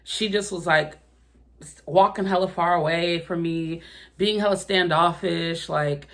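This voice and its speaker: Animated, profane young woman telling a story. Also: fairly low pitch, measured pace. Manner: profane, animated retelling with exaggerated quoted outbursts. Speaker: storytime vlogger. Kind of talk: casual storytime vlog.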